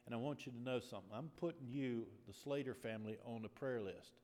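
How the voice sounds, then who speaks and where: A man pastor telling a personal story in a sermon, moving from relaxed storytelling to emphatic preaching. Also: medium pitch, fast talker. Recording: echoey hall with faint noise.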